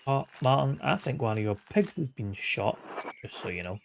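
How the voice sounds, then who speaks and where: A man's voice: medium pitch, sing-song, moderate pace, vocal fry, a little hiss or hum. A man streaming a game, giving let's-play commentary with chatty, joking asides.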